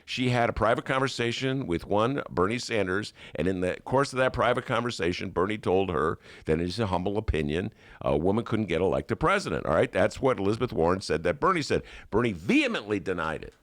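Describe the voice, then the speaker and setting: A man's voice: fairly low pitch, a little fast, few pauses, dry recording. A man hosting a casual political talk podcast in a studio, jokey and hyping things up. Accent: Chicago. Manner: animated, jokey, hypes things up, does mock voices. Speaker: podcast host.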